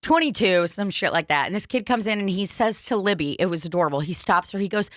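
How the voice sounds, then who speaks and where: A woman's voice: medium pitch, lively intonation, fast talker, hardly any pauses, a bit bright, no room sound, clean studio sound. A woman co-hosting a comedy podcast, telling stories in casual chat, swearing freely and acting out what people said. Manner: swears freely, acts out quotes. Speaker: podcast co-host.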